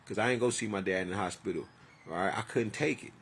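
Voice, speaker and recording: A man's voice: on the low side, fast, vocal fry, a bit bright, slight background noise. A man in his forties talking in a rambling, profane, heartfelt personal monologue. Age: 40s.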